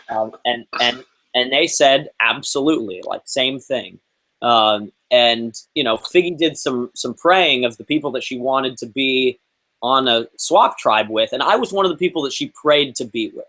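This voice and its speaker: A young man in his twenties tells a story as a guest on a chat show. He talks in an animated, casual way, with lots of fillers and quotes he acts out. His voice sits at an ordinary middle pitch. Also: moderate pace, poor audio. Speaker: interview guest.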